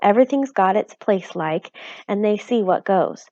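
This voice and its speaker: A woman's voice: medium pitch, lively intonation, normal speed, warm tone, no echo, dull audio, lightly acted. Woman voicing a weary tiny father. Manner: tired, plain rustic talk. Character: weary tiny middle-aged father, plain-spoken.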